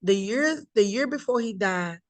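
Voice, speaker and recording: A woman's voice: medium pitch, animated, normal speed, no room sound. A middle-aged woman tells her story in an interview with emphatic delivery. She acts out the people she quotes. The recording is dry and close. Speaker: guest telling her life story. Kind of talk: conversational interview.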